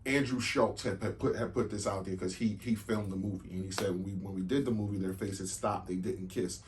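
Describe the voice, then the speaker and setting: A man's voice: on the low side, fairly even intonation, brisk, slight background noise. A man hosting a podcast in casual chat, conversational and given to emphatic outbursts. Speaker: podcast host.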